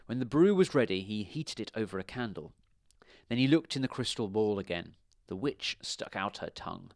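A man reading a children's storybook aloud with expressive delivery. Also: lowish voice, moderate pace, no echo, studio quality.

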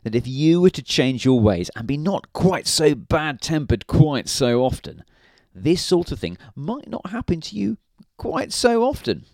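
A man's voice: fairly high pitch, big pitch swings, measured pace, darkish tone, dry recording, pitched above the performer's own voice. A man voicing a cheerful, good-natured man who teases and laughs easily in a children's story. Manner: jolly and teasing.

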